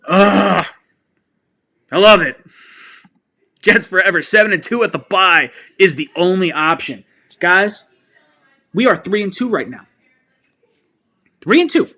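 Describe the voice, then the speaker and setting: A man hosting a live sports fan stream, chatting and reacting to viewer comments. His voice is bright and forceful and sits a little high. He gets excitable and fired up, often breaking into laughter and shouts. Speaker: sports fan channel host.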